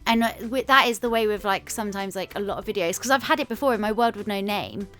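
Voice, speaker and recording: A woman's voice: mid-range voice, fast talker, fairly bright tone, faint music behind. A woman chatting casually as a YouTuber co-host, laughing often and acting out little quotes. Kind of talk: casual chat.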